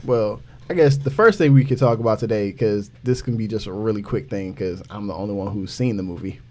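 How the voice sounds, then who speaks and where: A young man on a casual podcast, ranting in an animated way and saying "like" a lot. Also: lowish voice, a little fast. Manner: animated, ranting, heavy use of "like". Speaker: podcast co-host.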